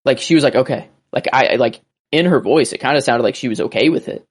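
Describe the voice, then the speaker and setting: A man co-hosting a casual podcast, talking in halting runs full of "like" and quoted lines. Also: mid-range voice, husky. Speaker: podcast co-host. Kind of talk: casual rewatch podcast chat.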